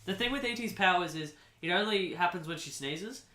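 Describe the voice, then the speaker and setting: A man telling a made-up story for laughs, with a deadpan and animated delivery. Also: high-pitched, fairly quick, echoey room. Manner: animated, deadpan nonsense told as fact. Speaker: podcast co-host. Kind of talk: comedic improvised storytelling.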